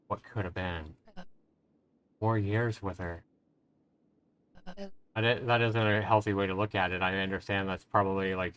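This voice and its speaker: A man's voice: deep voice, a bit bright. A male streamer commenting on a game live, speaking in an earnest, emotional way and giving reflective advice to his viewers.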